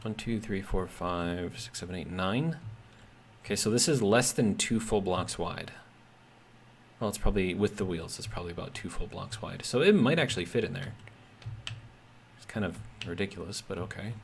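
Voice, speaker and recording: A man with a Midwestern American accent talks over his game in a low-pitched, easygoing voice. He rambles from task to tangent, leaning on "like" and puzzled asides. Faint keyboard clatter sits behind him. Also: animated, normal speed, vocal fry, slight background noise. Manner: rambling, filler-heavy, bemused asides. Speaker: game streamer. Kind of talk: casual gameplay commentary.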